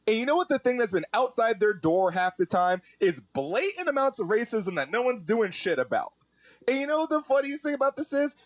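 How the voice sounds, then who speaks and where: Male podcast co-host, fiery ranting voice, very animated. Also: high-pitched. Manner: angry, blunt, swearing. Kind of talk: impassioned rant.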